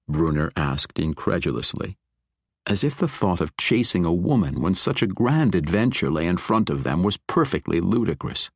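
A male audiobook narrator with a very deep voice that still moves a lot in pitch. He reads in a measured, expressive way, close to a dry microphone. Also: husky, no room sound. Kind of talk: scripted fantasy narration.

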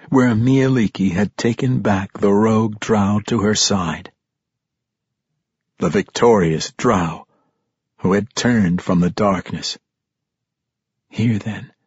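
A man reading a fantasy audiobook with measured, dramatic storytelling, in a dull, slightly lo-fi recording. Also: on the low side, a little mellow, husky, no echo. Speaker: audiobook narrator. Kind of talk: scripted fantasy audiobook narration.

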